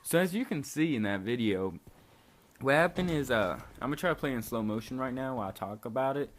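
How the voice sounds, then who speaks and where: A young man tells a story in a relaxed, rambling way, filling his sentences with "like" and swearing freely. His voice sits at a middle pitch. A faint hiss of noise runs underneath the recording. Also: brisk. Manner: laid-back, swears freely, lots of "like". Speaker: vlogger. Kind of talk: casual storytelling.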